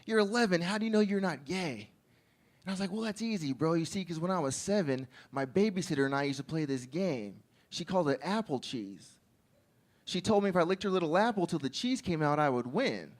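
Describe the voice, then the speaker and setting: Man, stand-up comedian, crude storytelling, laughs at own jokes, slightly higher voice. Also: animated, a little fast. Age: adult with a child. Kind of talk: stand-up set.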